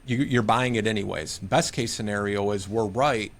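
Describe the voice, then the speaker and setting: A man's voice: on the low side, normal speed. A man from Michigan, a guest on a care podcast, telling stories and giving earnest advice in a conversational interview. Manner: earnest, storytelling with quoted advice. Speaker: podcast guest, home care case manager.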